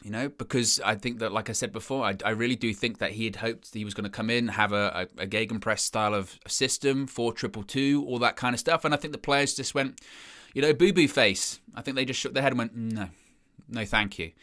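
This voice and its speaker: A young man speaks a little fast in a slightly bright, medium-pitched voice while hosting a live match watchalong. Casual and self-deprecating, he reads viewer comments, wandering off track, restarting and saying "you know" a lot.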